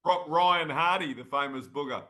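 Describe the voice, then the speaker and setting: Bright-voiced joking male host. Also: on the high side, normal speed. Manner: jokey, teasing banter. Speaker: podcast host. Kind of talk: casual chat.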